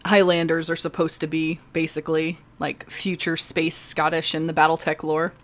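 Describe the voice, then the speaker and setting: A woman's voice: sits low, completely flat delivery, moderate pace. A woman streaming a game live, chatting casually and rambling, laughing often. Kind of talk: casual chat over gameplay.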